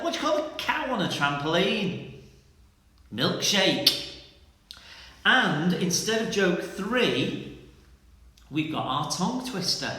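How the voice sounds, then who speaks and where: A man hosts a children's school assembly with a playful, lively delivery. His voice sits fairly high and swings up and down a lot. The recording has a heavy room echo. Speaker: primary school teacher leading assembly.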